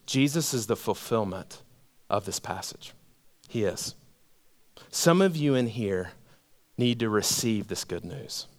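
A middle-aged man preaching to his congregation in casual story form, with rhetorical questions, swinging between loud emphatic peaks and quiet low passages. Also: lively intonation, a little slow, pauses often, dry recording. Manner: conversational storytelling, asks audience rhetorical questions. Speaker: pastor. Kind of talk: sermon. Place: church hall with a congregation.

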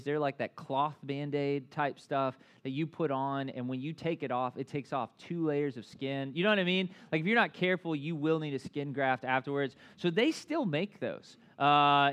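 A man in his thirties gives a sermon in a chatty, joking way, with a slightly high voice. He keeps checking in with the listeners and pokes fun at himself as he goes. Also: a bit bright. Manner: conversational, filler-heavy, asks the crowd often; self-deprecating humor. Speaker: pastor.

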